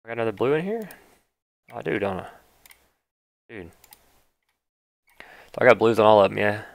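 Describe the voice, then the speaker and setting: A man giving casual, excitable commentary on a video game as its gaming YouTuber, exclaiming and mocking what he sees on screen. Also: on the low side, vocal fry. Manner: excitable and exclamatory, quick to mock and laugh.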